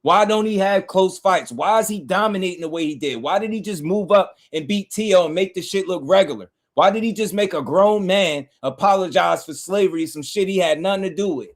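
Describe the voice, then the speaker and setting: A man's voice: sits high, fairly quick, hardly any pauses. A man hosting a boxing channel, ranting in casual commentary with heated, profane emphasis.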